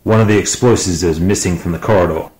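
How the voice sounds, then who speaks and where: A man's voice: sits low, fast talker, a little mellow, lightly acted. A man voicing a curt, commanding starship captain in an audiobook. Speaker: character in an audiobook. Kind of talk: audiobook character voice.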